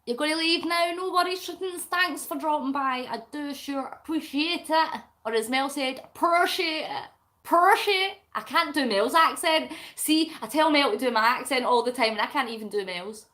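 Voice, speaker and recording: A woman's voice: high-pitched, normal speed, few pauses, bright, forceful tone. A middle-aged Scottish woman hosting a casual livestream, chatting and giggling as she reads out viewer comments while doing crafts. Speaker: livestream host. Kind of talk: casual live chat reading comments.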